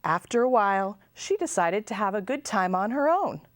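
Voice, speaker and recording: Expressive woman reading a storybook aloud. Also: mid-range voice, normal speed, no echo, clean studio sound. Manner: expressive, sing-song. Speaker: children's librarian.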